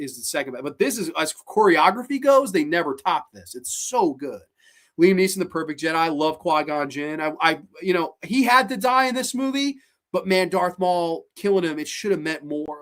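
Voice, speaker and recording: A host in their late twenties, chatting casually on a live stream, animated, swearing freely and often restarting sentences. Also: mid-range voice. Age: late 20s. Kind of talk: casual live stream chat, reacting to viewer comments.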